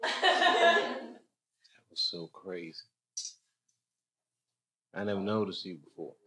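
A man's voice: deep voice, steady tone, unhurried, sharp tone. A man doing stand-up, chatting and joking casually with the audience in a comedy club after a show. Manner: teasing, joking, playful banter. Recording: noisy club recording.

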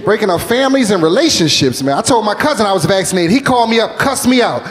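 A man in his forties from North Philadelphia doing a loose, animated stand-up set in a comedy club. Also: high voice, fast. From North Philadelphia, USA. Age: 40s.

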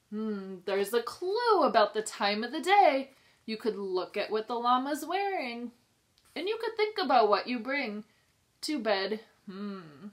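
Reading a children's picture book to a group of little ones, a female pre-K teacher pauses to quiz them along the way. She has a New York accent and a fairly high pitch, and her delivery is lilting and expressive.

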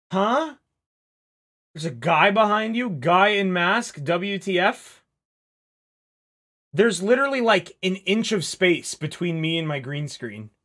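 An excitable man streaming a game from his home setup, his bright, forceful voice leaping all over the place. He swears freely and swings from loud outbursts to quiet mutters. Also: high-pitched, slow pace. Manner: excitable, profane, swings between shouts and mutters. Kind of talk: casual gaming commentary.

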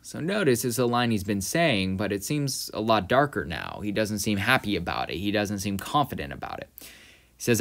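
A man's voice: lowish voice, very animated, normal speed, vocal fry, fairly bright tone. A man giving a close-reading lesson on a novel, thinking aloud with many fillers and talking to viewers as guys. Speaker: literature analyst.

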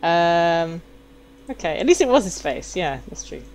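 A young British woman from London comments on a game as she streams it live. Her voice swings widely in pitch as she chats. Her talk is expressive and lively. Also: measured pace, a little hiss or hum. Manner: chatty, expressive.

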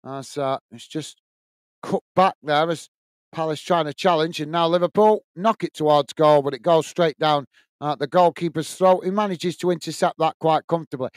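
A man's voice: on the high side, normal speed, dry recording. A man hosting a football watch-along, giving live commentary and chatting with viewers, full of fillers and restarts.

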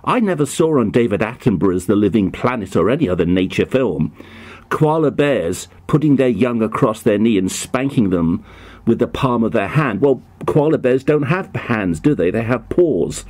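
Male prank caller with a shaky put-on American accent, hesitant and full of ums, pitch jumping around. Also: expressive, moderate pace, darkish tone. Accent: put-on American, poorly done. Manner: hesitant, full of ums and stammers, mock-innocent. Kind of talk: prank phone call.

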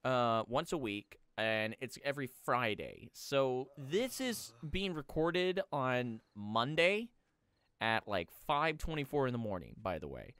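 A young man talks through his game on a headset mic, his clear, resonant voice swinging up and down in pitch as he rants. He sounds exasperated and swears freely, in a casual let's-play style. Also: sing-song, a little slow, fairly bright tone, no echo. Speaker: host. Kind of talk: casual gaming commentary.

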